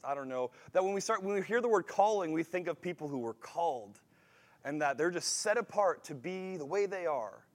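Slightly high-voiced man preaching conversationally. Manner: conversational, thinks aloud with frequent restarts; swings between quiet asides and emphatic rises. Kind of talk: sermon.

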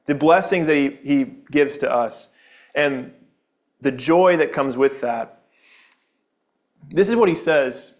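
A pastor with a fairly high voice preaches a sermon in a church building. He is earnest and conversational, using rhetorical questions.

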